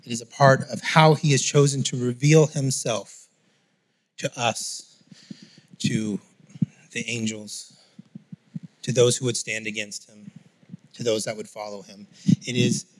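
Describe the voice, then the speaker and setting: A man preaching a sermon in a relaxed, explanatory teaching style, reading scripture aloud and unpacking it. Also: medium pitch, measured pace, pauses often. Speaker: pastor.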